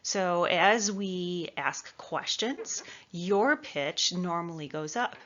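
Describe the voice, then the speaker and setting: A woman's voice: on the low side, lively intonation, a bit bright, dull audio. Woman from the Midwest coaching presenters. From American Midwest. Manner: clear, measured coaching delivery. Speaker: presentation skills trainer. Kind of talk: instructional talk.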